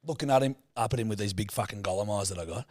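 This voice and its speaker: An Australian man co-hosting a podcast, telling animated stories full of swearing and voice impressions in casual chat. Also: fairly low pitch, very fast, no room sound, clean studio sound. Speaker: podcast co-host.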